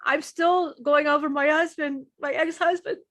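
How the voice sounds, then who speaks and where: High-voiced woman sharing emotionally. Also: fairly even intonation, moderate pace, a bit bright, no room sound. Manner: rambling, restarts often, swears casually. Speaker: channeler co-host. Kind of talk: emotional personal sharing in a live stream.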